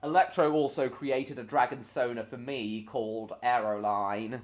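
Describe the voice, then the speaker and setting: A man's voice: medium pitch, fairly even intonation, normal speed. A man hosting a casual live stream, rambling and distracted as he talks.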